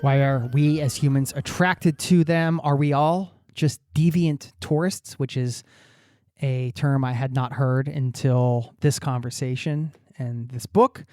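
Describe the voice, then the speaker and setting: A man's voice: mid-range voice, fairly even intonation, unhurried, darkish tone, no echo, studio quality. Male podcast host from the US, friendly and upbeat, faint music bed. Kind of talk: podcast intro and interview.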